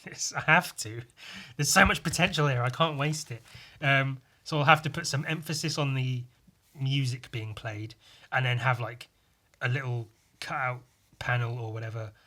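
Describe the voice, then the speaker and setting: Young guy rambling about his old drawings, swears a lot, bright voice. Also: medium pitch. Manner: self-mocking, swearing, rambling. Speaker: vlogger. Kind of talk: casual commentary.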